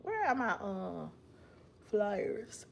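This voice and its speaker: Woman streamer, sleepy chatty delivery with frequent laughs, animated pitch. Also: extremely slow, vocal fry, slight background noise. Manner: laughs often, chatty, talks to someone off-mic. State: sleepy, yawning. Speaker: livestream host. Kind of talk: casual chat.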